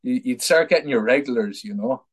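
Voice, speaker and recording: A man's voice: mid-range voice, a little fast. An Irish man in his thirties, a political activist guest telling stories in casual conversation, often repeating words and laughing at his own anecdotes. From Ireland.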